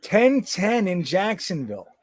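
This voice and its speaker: A man's voice: high-pitched, wildly swooping pitch, a little slow, no echo. A man hosting a casual live stream, rambling and joking with plenty of swearing. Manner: rambling, profane, jokey. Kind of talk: casual live-stream chat about football.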